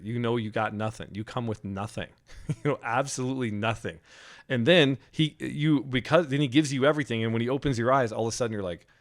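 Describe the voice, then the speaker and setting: A man in his forties, a pastor co-hosting a podcast, chatting casually and telling stories with lots of laughs and restarts. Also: fairly low pitch. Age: 40s. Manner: animated storyteller, laughs often, restarts mid-sentence. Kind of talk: casual chat.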